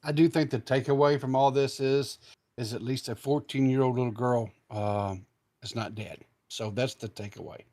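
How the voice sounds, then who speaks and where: A man co-hosting a podcast, talking in a measured, hesitant way full of fillers. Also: mid-range voice, fairly even intonation, darkish tone. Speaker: podcast co-host. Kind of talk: casual chat.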